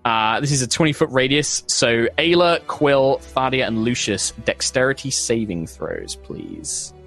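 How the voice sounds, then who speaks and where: A man's voice: mid-range voice, big pitch swings, measured pace, creaky, a bit bright, faint music behind. A man narrating as game master of a tabletop game, rambling with many fillers and restarts.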